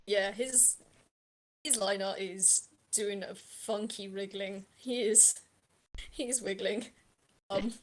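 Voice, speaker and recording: A woman game master narrating a tabletop scene from home. Her delivery is halting, full of pauses and restarts. She speaks at an ordinary, middle pitch.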